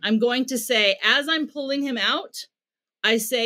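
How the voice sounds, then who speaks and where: A woman's voice: on the high side, unhurried, sharp tone. Earnest American woman explaining parenting. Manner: earnest, explanatory, acts out quoted dialogue. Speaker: parenting expert guest. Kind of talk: podcast interview, explaining advice.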